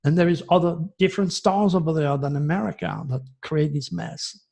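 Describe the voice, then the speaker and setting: A man in his sixties from France, giving an agitated, preachy monologue that swings from loud outbursts to hushed asides. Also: a little high, a little fast, creaky. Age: 60s. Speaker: astrologer host. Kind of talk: impassioned monologue.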